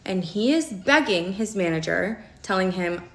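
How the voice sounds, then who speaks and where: In a video clip, a young woman recounts a personal story in casual storytime style, speaking emphatically and sprinkling in "like" and frequent "okay?" check-ins. Her mid-range voice is expressive and unhurried, with few pauses.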